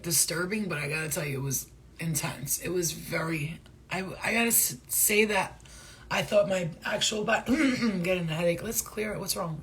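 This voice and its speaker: A woman giving a casual spiritual reading to her viewers, talking in a rambling, excitable and profane way. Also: on the low side, slightly rough. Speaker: spiritual reader.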